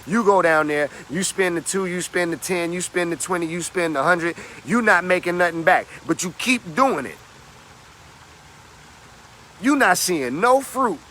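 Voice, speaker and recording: A man's voice: high-pitched, a little slow, pushed and bright, a little hiss or hum. A man giving a motivational talk in an emphatic, slangy, preachy storytelling manner. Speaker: motivational speaker.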